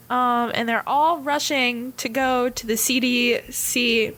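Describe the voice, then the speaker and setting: Slow-talking giggly woman co-host. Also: a little high, fairly even intonation, fairly bright tone, low-quality recording. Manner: slow, giggly recap with fillers. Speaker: podcast co-host. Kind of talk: casual chat.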